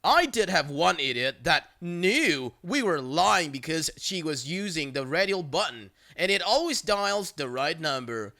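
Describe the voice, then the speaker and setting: A narrator reading a story aloud, dry and matter-of-fact. The voice is bright with a lively, animated pitch, at an even, middle height.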